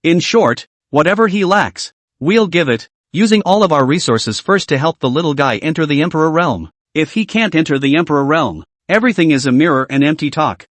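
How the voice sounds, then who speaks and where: Man voicing a cunning old underworld ghost official, teasing; slightly high. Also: lively intonation, brisk, hardly any pauses, no room sound. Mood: scheming. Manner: teasing, soothing.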